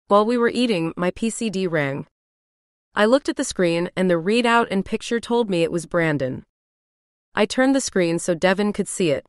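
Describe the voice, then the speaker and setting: A woman narrates a novel in the first person with an even, composed reading. Her voice is smooth and clear at a middling pitch, recorded dry and close in a studio. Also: no echo. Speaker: audiobook narrator.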